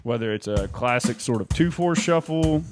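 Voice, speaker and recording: A man's voice: mid-range voice, expressive, moderate pace, music in the background. A man teaching a casual drum lesson, chatty and counting rhythms aloud over his kit. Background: drum kit playing.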